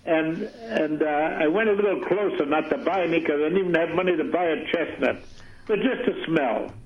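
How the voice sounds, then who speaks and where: An older man spins a folksy, rambling story. His voice sits a bit high. It comes through a dull, lo-fi radio clip. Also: a little fast. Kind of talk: archival radio anecdote.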